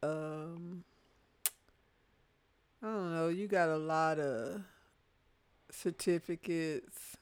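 A woman's voice: deep voice, extremely slow, long pauses, smooth. A middle-aged woman, chatting and teasing her son about his childhood, laughing easily. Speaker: guest, mother of host. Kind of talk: casual chat.

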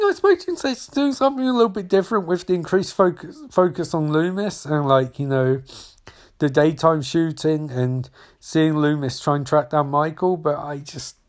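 An adult talking casually and rambling while reacting to a film, swearing often and laughing between remarks. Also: medium pitch. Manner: rambling, profane, frequent fillers and laughing reactions. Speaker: movie watch-along commentator.

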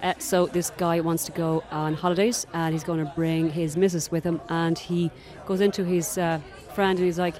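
A woman's voice: fairly low pitch, little pitch movement, moderate pace, a little mellow. Irish lady telling a joke, chatty, little crowd noise in the back. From Ireland, Galway. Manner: chatty, with fillers.

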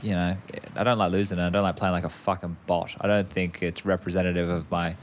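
A man's voice: low voice, little pitch movement, quick pace, a little hiss or hum. A man co-hosting a podcast, chatting casually and rambling with offhand swearing. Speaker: podcast co-host. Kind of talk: casual chat.

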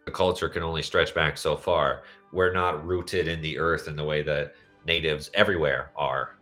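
A young man from the United States, hosting a casual podcast chat, rambling through tangents with deadpan jokes. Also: extremely low pitch, moderate pace, faint music behind. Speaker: podcast host.

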